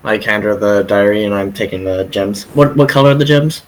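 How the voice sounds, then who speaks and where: Guy player, lowish voice, offhand and jokey. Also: a little fast, poor audio. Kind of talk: casual tabletop play.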